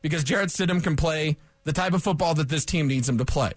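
A man hosting a solo sports talk radio show in a studio, fired up and loud, rambling with sarcastic asides. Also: on the high side, quick pace, dry recording.

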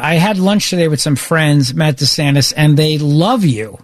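A man's voice: on the high side, expressive, normal speed, dry recording. A middle-aged man hosting a casual chat show, telling a family story with playful mimicry. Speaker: podcast host.

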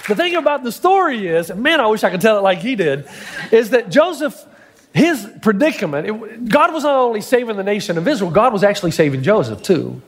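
A man's voice: sits high, sing-song, fairly quick, a faint crowd. A middle-aged man preaching a sermon as pastor, telling stories with dramatic build-ups.

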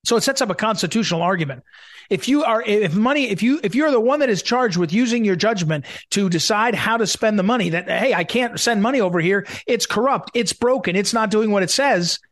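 A man hosting a political talk show, his voice sitting high for a man. He argues with emphatic energy, full of "uh"s and quick restarts. The sound is dry and close, with no room around it. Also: dry recording. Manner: animated, emphatic, many fillers and restarts. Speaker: host.

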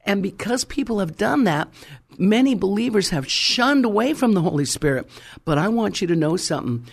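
A man's voice: sits high, big pitch swings, normal speed, vocal fry. A man preaching a fervent sermon, emphatic and calling out to his congregation.

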